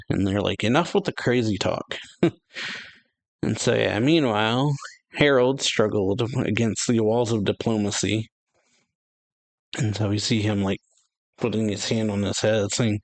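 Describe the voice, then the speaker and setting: A man's voice: on the low side, unhurried, creaky, pauses often. A man casually reading through a manga chapter, reciting character lines with light emphasis and frequent fillers. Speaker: manga reaction host.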